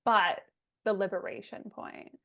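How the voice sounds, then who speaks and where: A woman podcast host telling a personal story in an emphatic, animated way over a video call. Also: mid-range voice, unhurried, vocal fry, lo-fi sound. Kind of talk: casual storytelling.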